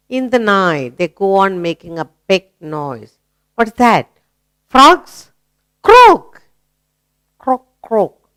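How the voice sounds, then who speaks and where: A woman's voice: fairly low pitch, a bit bright, clean tone, no echo. A woman teaching a grammar lesson to young children, asking questions and praising answers. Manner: slow, coaxing, asks questions and praises.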